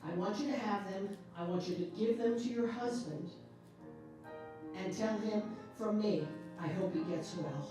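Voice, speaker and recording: A woman voicing a famous male singer as a calm, generous man, speaking lower and softer. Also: a little slow, close to an everyday voice. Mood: gracious. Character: a famous singer, generous male star, calm and gracious. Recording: echoey room from far off, music.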